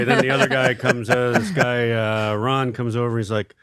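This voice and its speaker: A man as a podcast guest telling a self-deprecating story, halting with many fillers. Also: mid-range voice, steady tone, a bit bright, clean tone, no room sound, studio quality. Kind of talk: casual storytelling interview.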